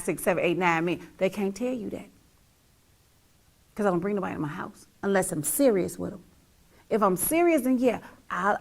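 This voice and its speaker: A woman's voice: mid-range voice, gravelly. A middle-aged woman telling her own story as a mother, emphatic and repetitive, sometimes dropping almost to a whisper. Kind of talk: heartfelt personal testimony.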